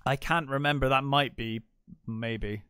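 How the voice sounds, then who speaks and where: A man's voice: mid-range voice, fairly even intonation, a little slow, pushed and bright, clear, resonant tone, no room sound, studio quality. A middle-aged man co-hosting a casual film podcast, hedging and hesitant, with many ums and restarts. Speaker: podcast co-host. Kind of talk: casual film review chat.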